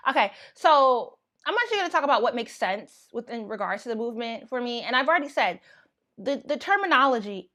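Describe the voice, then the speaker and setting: A young American woman giving casual livestream commentary, thinking out loud with lots of fillers and restarts. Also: fairly high pitch, sing-song, brisk. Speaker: YouTube commentator.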